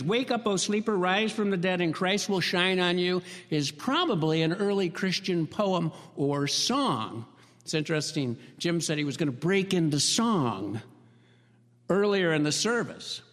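A man's voice: on the high side, a bit bright, big-room sound. A man pastor giving a sermon in a conversational, storytelling way, building up to emphatic repeated phrases. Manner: conversational, anecdotal preaching with rising emphatic repetition.

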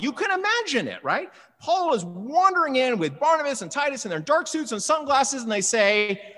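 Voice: high-pitched, fairly quick, hardly any pauses. A preacher reading scripture aloud and then explaining it in an emphatic, conversational way, often asking "right?". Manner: animated, emphatic, with frequent "right?" asides. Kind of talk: Bible reading and sermon commentary. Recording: long hall reverb.

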